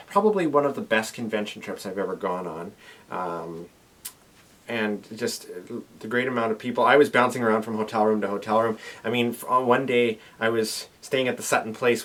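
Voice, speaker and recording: A man's voice: medium pitch, a bit bright. A young man from Canada chatting casually in a video diary, rambling with lots of fillers, his voice a little worn. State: voice slightly worn. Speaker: convention organizer vlogging. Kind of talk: casual chat.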